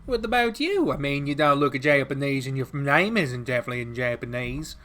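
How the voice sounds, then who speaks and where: A man's voice: mid-range voice, lively intonation, a little fast, bright, forceful tone, faint music behind. A man hosting a casual game playthrough, joking, swearing and laughing often as he reads. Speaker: let's play host.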